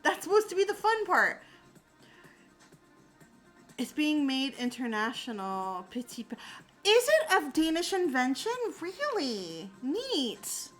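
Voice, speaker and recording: A woman chatting casually with her live-stream viewers, her voice high and bright with a sharp edge. She swoops widely up and down in pitch, takes her time, and swears freely as she addresses the chat directly. Soft music plays faintly behind her. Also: slow. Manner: animated, swears freely, talks straight to chat.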